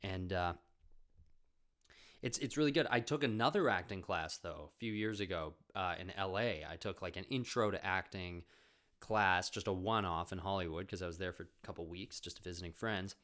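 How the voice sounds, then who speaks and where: Low-voiced young man telling stories. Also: moderate pace, a bit bright. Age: 20s. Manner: rambling, swears often, acts out quoted voices. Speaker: podcast host. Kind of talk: casual storytelling.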